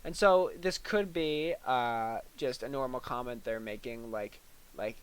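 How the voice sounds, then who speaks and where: A young man giving a deadpan parody lecture, halting and full of fillers, with mock-serious delivery and little acted-out asides. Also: mid-range voice, clear, resonant tone, rough recording.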